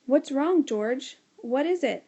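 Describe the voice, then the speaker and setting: A woman's voice: sits high, animated, dark tone, lo-fi sound, voice pushed up, heavily acted. A woman voicing a tiny, feisty schoolgirl with a snappy manner in a storybook reading. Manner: snappy, quick.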